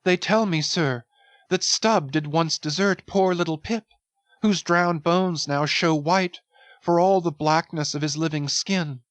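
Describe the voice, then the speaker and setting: A woman's voice: fairly low pitch, unhurried, no room sound, lightly acted. A woman voicing a devoted, half-mad young cabin boy, pleading and rambling feverishly. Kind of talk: dramatic audiobook reading.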